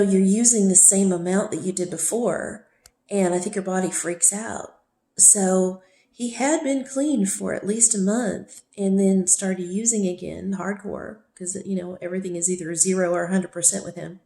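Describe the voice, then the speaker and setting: A woman's voice: medium pitch, creaky, mellow. A woman telling a painful personal story in a candid, venting way, swearing freely and talking it through with herself. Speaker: vlogger. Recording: echoey room sound.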